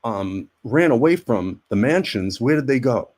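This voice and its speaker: A man's voice: medium pitch, animated, measured pace, a little mellow. A man, an army veteran and actor, telling rambling stories as a guest in a casual interview. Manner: rambling, repeats words, acts out quoted voices.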